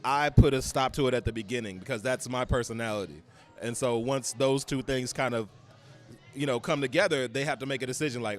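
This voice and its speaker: A man's voice: mid-range voice, brisk, soft background music. American comic guy, blunt and cussing a lot, loose casual chat. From United States. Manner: blunt, profane, brash storytelling. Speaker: comedian guest.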